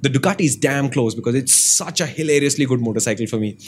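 A man on a podcast, telling stories in a lively, animated way that moves between calm and excited. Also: mid-range voice, fast talker, slight background noise. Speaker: motorcycle journalist, podcast guest. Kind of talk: casual podcast conversation.

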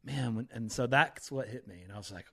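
A man's voice: mid-range voice, fairly quick, creaky, pushed and bright, husky. A man hosting a faith podcast, talking with fired-up, preachy energy and reciting scripture with emphasis. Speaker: podcast host.

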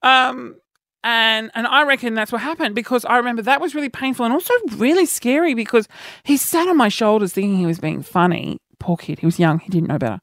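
A man hosting a podcast, telling self-mocking stories in an animated way. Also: a little fast, no echo. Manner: animated, self-mocking, jumps into shrill yelps when acting out panic. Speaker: podcast host. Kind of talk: casual storytelling monologue.

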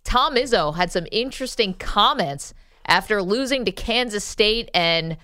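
A woman's voice: medium pitch, animated, measured pace, sharp tone, clear, resonant tone, dry recording, clean studio sound. A woman co-hosting a casual sports talk radio show, teasing and laughing often.

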